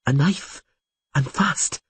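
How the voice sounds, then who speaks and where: A woman's voice: low voice, slow, husky, no room sound, voice pushed up, heavily acted. Man doing a desperate young girl. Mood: urgent. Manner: urgent, whispered pleas. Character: frightened young girl, desperate but determined.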